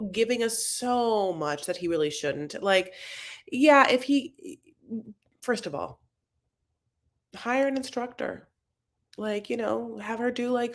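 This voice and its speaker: A woman, hosting a casual live-stream recap, chatty and animated, calling viewers honey as she reads the chat. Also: on the high side.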